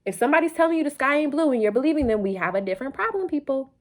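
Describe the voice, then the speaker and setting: A woman's voice: sits high, expressive, very fast. Woman vlog host, late-night loopy energy, playful preacher, repeats phrases for emphasis. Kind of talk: motivational talk to camera.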